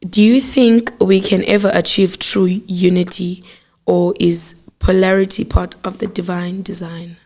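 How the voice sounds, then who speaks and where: A woman's voice: on the low side, steady tone, measured pace, a little mellow. A woman interviewing a podcast guest, asking questions hesitantly with many fillers.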